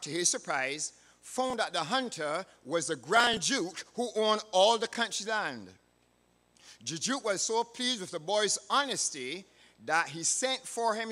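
A man with a Barbadian accent, a church elder, preaching a sermon in a measured, emphatic way. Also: high voice, bright, forceful tone. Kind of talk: sermon with a read-aloud story. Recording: reverberant hall.

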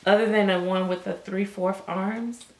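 A woman chatting casually to camera about her reborn dolls, rambling and soft-spoken. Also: mid-range voice, steady tone, normal speed. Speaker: reborn doll collector. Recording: echoey room.

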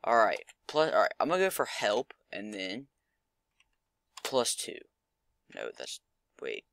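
A man's voice: fairly low pitch, huge pitch swings, unhurried, vocal fry, a bit bright, no room sound, clean studio sound. A young man giving casual gameplay commentary, muttering, swearing and mocking himself. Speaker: gaming commentator.

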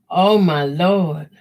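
A middle-aged woman, hosting a casual quilting live stream, reading viewer comments and praying aloud with deep feeling. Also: darkish tone, husky. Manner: heartfelt, prays aloud with deep emotion. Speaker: quilting channel host.

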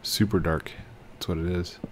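Low-voiced man chatting while gaming. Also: steady tone, moderate pace. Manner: playful, laughs often, talks to game characters. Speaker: gaming channel host. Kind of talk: casual let's-play chat.

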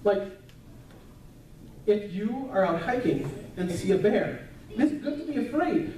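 A man's voice: high-pitched, sing-song, a little slow, a crowd in the background. Man preaching in an echoey church. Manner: conversational, chatty preaching with asides. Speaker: pastor. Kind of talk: sermon. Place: church sanctuary. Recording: echoey church hall, mic at a distance.

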